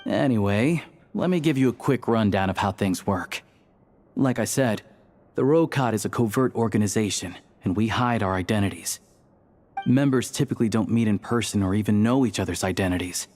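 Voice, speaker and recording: An actor playing a calm, discreet young man of a secret society in a video game, explaining things in a measured way. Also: fairly low pitch, slight background noise, close to an everyday voice.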